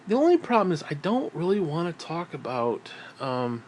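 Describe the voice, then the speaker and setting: A man thinks out loud in a loose, rambling way, cursing often and circling back on himself. His voice sits a little higher than most men's, with a faint hum of noise behind it. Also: creaky. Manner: profane, meandering, frequent fillers. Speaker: writer talking about his books. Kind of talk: casual rambling monologue.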